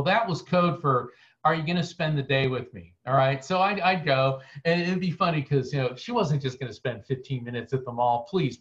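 An earnest man tells a story as a guest on a video call, his voice at an ordinary middle pitch for a man. He talks in a conversational way and often restarts his sentences. The call audio sounds dull and lo-fi. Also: a bit bright. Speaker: guest medium.

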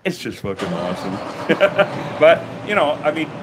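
A fairly high-voiced man streaming live from a busy street, cursing freely and rambling with excitement about a bee job. Clear outdoor noise and passing vehicles sit under his voice, picked up by a phone camera. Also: unhurried. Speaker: bee removal business owner. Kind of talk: casual livestream narration on site. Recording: noisy outdoor street recording.

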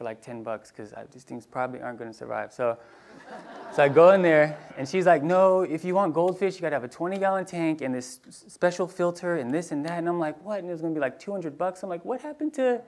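A man preaching in a casual storytelling way, acting out voices in his anecdotes and dropping to a hushed tone for tender moments. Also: medium pitch. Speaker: pastor. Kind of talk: storytelling sermon.

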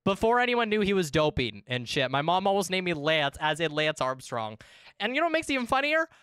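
A woman in her twenties, chatting casually and excitably with viewers while streaming a game, swearing freely. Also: on the low side, fairly quick, clear, resonant tone, dry recording, clean studio sound. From United States. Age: 20s. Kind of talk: casual live-stream chat.

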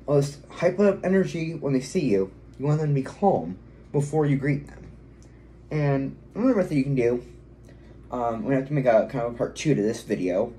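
A man with a warm, mellow voice talks through a dog-training tip in a loose, casual way, breaking off now and then to give his dog short commands. He is at home, and faint noise sits behind him. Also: medium pitch, animated, a little fast. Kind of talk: casual how-to video. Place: at home, indoors.

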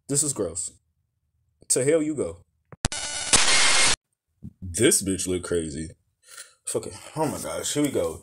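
A man giving a profane comedic rant as a reaction commentator, loud and exasperated. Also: mid-range voice, slightly rough. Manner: loud, exasperated, heavy cursing.

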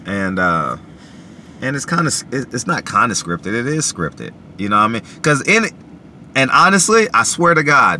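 A man vlogging casually from his parked car, animated and full of filler phrases like "you know what I mean". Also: fairly low pitch, a little hiss or hum. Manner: animated, many filler phrases, repeats himself. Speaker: boxing vlogger. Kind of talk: casual talk to camera.

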